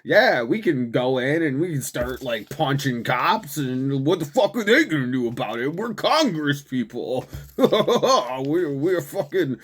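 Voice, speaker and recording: A man's voice: a little high, very animated, measured pace, slightly rough, exaggerated voice. A man voicing a smug, arrogant politician who sneers at ordinary people from above. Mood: sneering. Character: smug arrogant politician mocking commoners, male adult.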